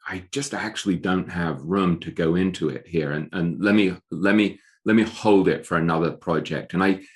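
A middle-aged man speaking as an author in an interview, thoughtful and given to restarting his sentences. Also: sits low. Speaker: author guest. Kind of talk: interview conversation.

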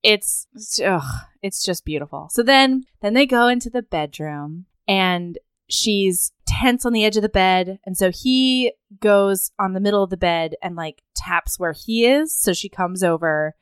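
A woman's voice: mid-range voice, unhurried, few pauses, clean tone, no room sound, clean studio sound. A woman co-hosting a casual chat, animatedly retelling a book's plot and acting out the characters' lines. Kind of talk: casual book recap chat.

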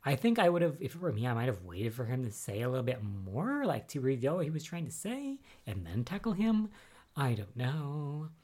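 A young adult podcaster talks through soap opera episodes in a loose, conversational recap. The delivery is chatty and easily exasperated, with lots of "like" and "um". The pitch sits in the middle of the range. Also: very animated, a little fast, mellow.

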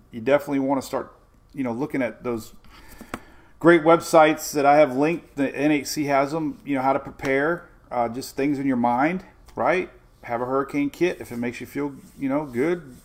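An older man with a gravelly, creaky voice talks through the weather in a loose, rambling way. He hosts a casual weather stream and drifts into homey asides between forecasts. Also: medium pitch. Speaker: weather show host.

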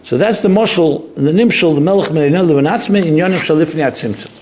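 A man's voice: fairly high pitch, fast talker, darkish tone, a little hiss or hum. A man teaching a text study lesson, thinking aloud with restarts and mixing in Hebrew terms. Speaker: Torah teacher. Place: study hall classroom.

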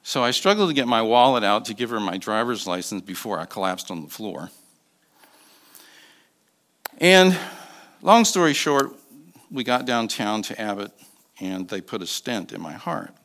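A man in his sixties preaching as a guest speaker, telling a personal story with soft asides and emphatic bursts. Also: lowish voice, expressive, normal speed, pauses often. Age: 60s. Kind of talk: sermon.

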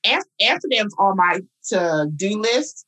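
A woman hosting a casual chat, talking fast and chatty while asking guests questions. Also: mid-range voice, far from the mic. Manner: chatty, animated, quick talker. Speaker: podcast host.

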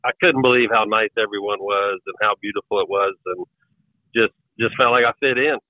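A man's voice: fairly low pitch, brisk, no echo. A man from West Virginia with an Appalachian accent, chatting casually as a guest and telling rambling, folksy stories. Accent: Appalachian American. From West Virginia, USA. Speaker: podcast guest. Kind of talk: casual chat. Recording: tinny phone-like line.

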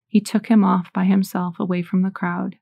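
A woman's voice: mid-range voice, little pitch movement, moderate pace, vocal fry, dry recording, phone-quality sound. A woman in her forties giving a Catholic faith talk, telling personal stories in an earnest way and reading scripture aloud. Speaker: Catholic speaker.

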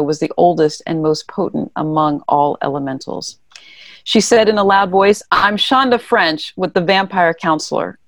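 A woman reading a passage of her own story aloud, in a steady, measured storytelling voice. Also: lowish voice, gravelly, no echo, clean studio sound.

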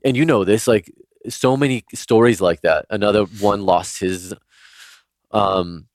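A man's voice: lowish voice, a little slow, dry recording, studio quality. A man speaking as a podcast guest, telling casual anecdotes in a rambling way, with lots of "like" fillers. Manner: rambling, heavy use of "like". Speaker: podcast guest, spiritual healer. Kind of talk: casual storytelling.

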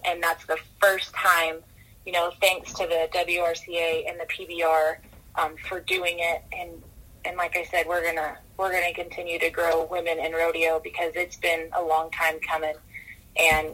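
Talkative bright-voiced woman. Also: on the low side, low-quality recording. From California. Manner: talkative, energetic, many restarts. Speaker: podcast guest, rodeo commissioner. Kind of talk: casual interview talk.

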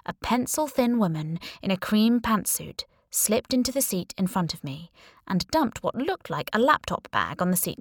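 A woman reading a first-person audiobook in an expressive, wry and playful way. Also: mid-range voice, no echo, clean studio sound. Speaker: audiobook narrator.

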